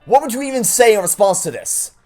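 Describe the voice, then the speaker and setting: A man's voice: high voice, expressive, fast talker, darkish tone, soft background music. A young man doing let's play commentary, ranting in an exasperated, indignant way with many restarts.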